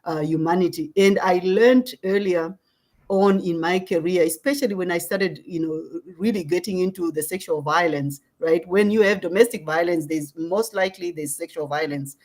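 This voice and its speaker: A middle-aged woman from Zimbabwe, a social justice advocate, answering interview questions in an earnest, measured way and often checking in with "right?". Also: fairly low pitch, a little mellow.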